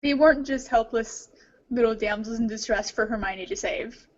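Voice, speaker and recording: A woman's voice: a little high, moderate pace, darkish tone. A woman co-hosting a podcast, talking casually and rambling with many fillers. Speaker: podcast co-host. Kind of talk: casual discussion. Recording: dull lo-fi audio.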